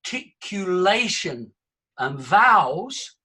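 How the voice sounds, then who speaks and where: Older male voice coach addressing a crowd: high, bright, sharp delivery, theatrical. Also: big pitch swings, slow, husky. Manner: exuberant, theatrical, swings between loud and soft. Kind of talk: talk to a live audience.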